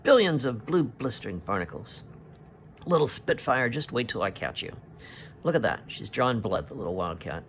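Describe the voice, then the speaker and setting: Guy reading as a cranky old sea captain, gravelly, a bit raised pitch, blustery. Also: lively intonation, a little fast, few pauses, fairly bright tone, a little hiss or hum. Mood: outraged. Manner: exclamatory, grumbling outbursts. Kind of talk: reading a comic aloud.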